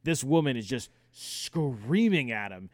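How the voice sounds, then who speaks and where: A man co-hosting a podcast, telling stories in casual chat, animated and swearing freely. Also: mid-range voice, a little slow, no room sound, clean studio sound. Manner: animated storyteller, swears freely, acts out quoted yelling. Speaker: podcast co-host.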